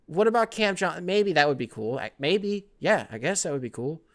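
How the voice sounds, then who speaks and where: A young man with a fairly high, brisk voice hosts a casual sports podcast. He rambles animatedly from one topic to the next, swearing constantly.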